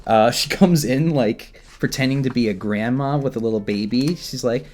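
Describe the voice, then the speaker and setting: A man's voice: mid-range voice, moderate pace, darkish tone. A man giving an informal, rambling comic book review, laughing often and poking fun at himself. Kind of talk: informal discussion to camera.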